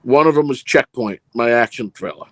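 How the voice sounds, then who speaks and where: A middle-aged man in film production shares drawn-out, rambling anecdotes during a laid-back interview, acting out the exchanges. His mid-range voice is a bit bright and moves at normal speed, with no room sound.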